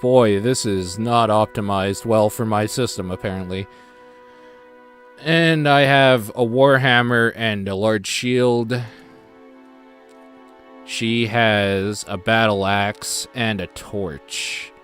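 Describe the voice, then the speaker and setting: A man plays a game on stream and talks it through in a relaxed, think-aloud way. His voice sits low. Faint music plays underneath. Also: slow pace. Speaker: let's-play streamer. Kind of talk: casual gameplay commentary and reading game text aloud.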